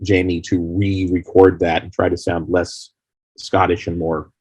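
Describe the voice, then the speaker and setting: A man being interviewed as a guest, telling long rambling stories about making his film in a casual, animated way. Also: deep voice, unhurried, husky, dry recording. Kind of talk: casual anecdotal storytelling.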